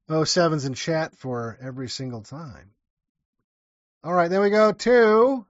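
A man's voice: fairly high pitch, animated, a little slow, dry recording. Casual male streamer reading chat aloud, loose and meandering; a bone-dry, muffled sound. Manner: offhand and rambling. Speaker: livestream host. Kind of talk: casual livestream chat, reading viewer donations.

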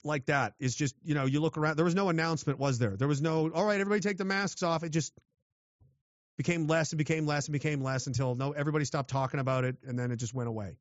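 A man's voice: fairly high pitch, fairly even intonation, quick pace, dry recording, lo-fi sound. A man from western Canada, ranting sardonically and profanely while reading chat on a livestream. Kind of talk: rambling livestream rant.

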